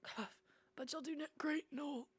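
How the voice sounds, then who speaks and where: A woman voicing an old, wise stone elder in a cozy game, speaking slowly and soothingly in a hushed voice. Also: high voice, dry recording, voice pushed up.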